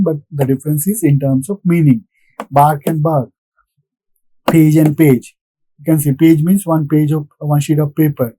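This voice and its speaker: A man's voice: a little high, warm tone, breathy edge, no echo, rough recording. Man giving a patient lecture. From India. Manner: patient, repetitive, asks and answers his own questions. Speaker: English lecturer. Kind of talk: recorded classroom lecture.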